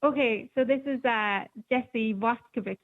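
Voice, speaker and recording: A woman's voice: fairly high pitch, normal speed. A woman reporter, chatting casually on the radio and telling stories with plenty of ums. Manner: chatty storyteller with many ums. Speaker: newspaper reporter. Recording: phone line.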